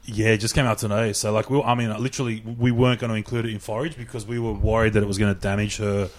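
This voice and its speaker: Animated young man telling stories. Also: on the low side, quick pace, a little hiss or hum. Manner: animated, swears casually, lots of fillers. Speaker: guest chef. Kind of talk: casual storytelling chat.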